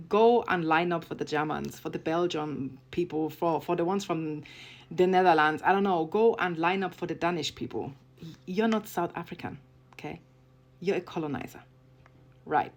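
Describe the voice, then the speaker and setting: A woman rants to her viewers in a blunt, profane, sarcastic way, hammering each point home with a pointed "okay?". Her voice sits slightly low for a woman. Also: lively intonation, normal speed. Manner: sarcastic, mocking. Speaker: vlogger. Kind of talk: heated opinion rant to camera.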